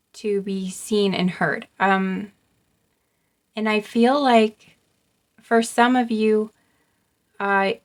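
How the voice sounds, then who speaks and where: A young woman does an intuitive card reading for her viewers. She talks in a soft, halting way, restarting her sentences and filling pauses with ums. Her pitch stays level and even throughout. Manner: soft, halting, repeats herself, many ums. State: getting choked up. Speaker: tarot card reader.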